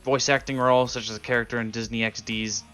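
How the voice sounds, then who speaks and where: A man narrating a scripted explainer video, in a brisk, informative delivery. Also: medium pitch, flat delivery, a bit bright, clear, resonant tone. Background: faint music.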